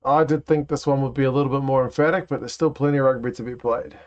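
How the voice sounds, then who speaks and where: A man talks through a live rugby watch-along in a chatty, reactive way, turning to greet viewers between plays. His voice sits at an ordinary middle pitch for a man. The stream audio is dull and lo-fi. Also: fairly even intonation, quick pace. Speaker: livestream host. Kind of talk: casual watch-along commentary.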